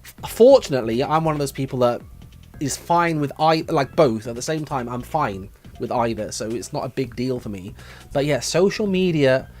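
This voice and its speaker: A man's voice: mid-range voice, animated, moderate pace, a little mellow, faint music behind. A young man hosting a casual live stream, musing aloud and reading viewers' chat messages from a desk mic at home. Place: room at home with his dog.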